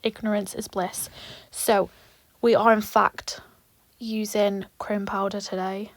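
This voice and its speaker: A young woman talking through a nail tutorial in an animated, rambling way, with lots of swearing and asides. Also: medium pitch, slow pace, no room sound. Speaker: nail tech vlogger. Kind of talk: chatty tutorial vlog.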